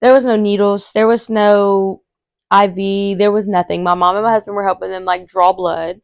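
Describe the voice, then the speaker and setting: A woman, a podcast host telling a story casually and animatedly, acting out quotes in a high voice. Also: little pitch movement, normal speed, no echo, studio quality.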